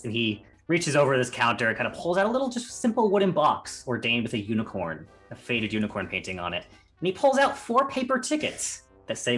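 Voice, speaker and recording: A man's voice: mid-range voice, sing-song, moderate pace, pushed and bright. A man running a tabletop game as game master, narrating in a loose, chatty way full of restarts. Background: faint carnival music.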